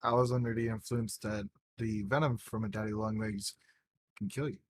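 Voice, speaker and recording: A man's voice: lowish voice, fairly even intonation, normal speed, noisy background. A young man co-hosting a podcast, drunk and rambling, swearing through every story. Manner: rambling, heavy swearing, tipsy. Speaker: podcast co-host. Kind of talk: casual chat.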